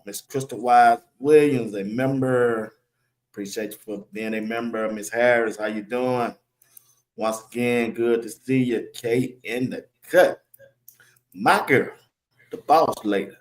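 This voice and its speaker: Male live-stream host, mid-pitched, quick casual shout-outs to viewers. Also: steady tone. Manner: rapid-fire chat shout-outs, laughs often.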